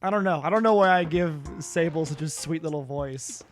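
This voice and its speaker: A man's voice: fairly high pitch, fairly quick, faint music behind. A man chatting casually and playfully while streaming a video game at home. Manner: playful, excitable, jokey.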